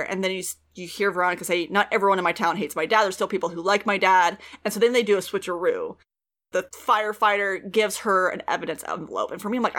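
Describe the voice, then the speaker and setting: Casual, swearing woman podcast host. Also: mid-range voice. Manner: animated, swears freely, acts out quotes. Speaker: podcast host recapping a TV show. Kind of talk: casual chat.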